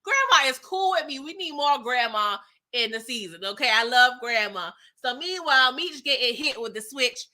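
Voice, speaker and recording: Woman recap host: high voice, animated and slangy, chatty retelling. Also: moderate pace. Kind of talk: live TV episode recap.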